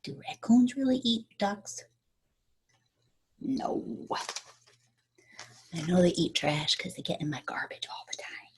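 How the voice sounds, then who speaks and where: A woman's voice: on the low side, animated, slow, pauses often, whispered. A woman teacher reading a picture book aloud to children, drawing out key words and stopping to quiz her young listeners on rhymes. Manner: stretches out key words for effect.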